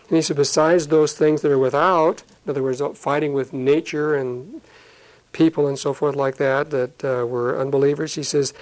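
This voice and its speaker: A pastor giving a conversational Bible-study sermon. He reads scripture slowly and explains it in plain, folksy asides. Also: on the high side, steady tone, darkish tone, poor audio. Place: church.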